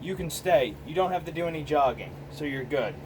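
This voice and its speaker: A man's voice: a little high, expressive, a little fast, a little hiss or hum, poor audio. An American man hosting his own casual vlog, rambling and profane, filmed on a phone. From United States. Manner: rambling, profane, many restarts. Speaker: host.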